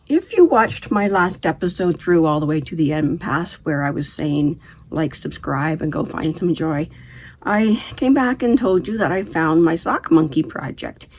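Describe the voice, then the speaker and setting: Chatty middle-aged female vlog host, slightly low voice, relaxed and rambling. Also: breathy edge. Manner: chatty, rambling, laughs easily. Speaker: knitting podcast host. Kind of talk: casual chat to camera.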